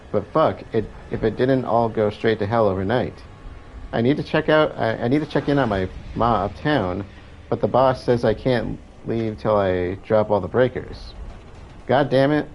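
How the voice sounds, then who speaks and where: Man doing dying worker's note read aloud, weary, cursing, lowish voice. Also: moderate pace, a little mellow, slight background noise, lightly acted, low-quality recording. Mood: pained. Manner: weary, pained, with swearing. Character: dying male worker reading his last note. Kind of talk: reading a game note aloud.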